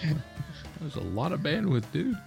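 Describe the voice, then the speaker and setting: Male podcast co-host, animated pitch, ribbing and cursing, faint music underneath. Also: creaky. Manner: teasing, swearing, quick to laugh. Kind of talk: casual gaming chat.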